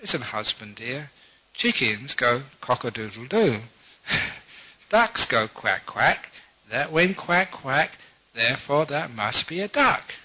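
A man voicing a patient, wise young wife who explains calmly and then holds her ground, on a dull lo-fi recording. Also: medium pitch, slow pace, breathy edge, exaggerated voice.

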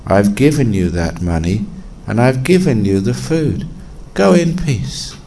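A man voicing a kind, gentle elderly abbot of a monastery who speaks softly and slowly. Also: mid-range voice, expressive, slight background noise, rough recording. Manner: soft, slow and kindly.

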